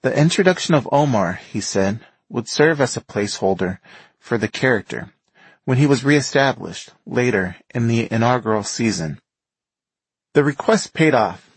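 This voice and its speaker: A man narrating a documentary in a measured, even storytelling manner. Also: mid-range voice, husky, no echo, low-quality recording. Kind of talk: scripted narration.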